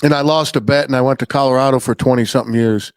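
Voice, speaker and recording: A man's voice: medium pitch, steady tone, smooth, no echo, studio quality. A man from upstate New York hosting his podcast in a loose, casual chat, swearing freely. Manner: loose and profane, quick asides. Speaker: podcast host.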